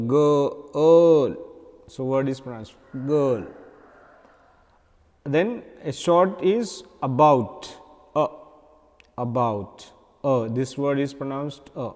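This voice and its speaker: A man with an Indian English accent teaching English vowel sounds, slowly repeating each sound and example word. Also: medium pitch, darkish tone, big-room sound. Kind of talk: recorded phonetics lesson.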